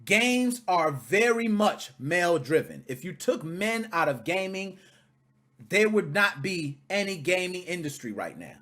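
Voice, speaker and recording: Man, casual reaction commentary, lively swooping pitch, husky. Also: unhurried. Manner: animated, profane, indignant. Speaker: video reaction host.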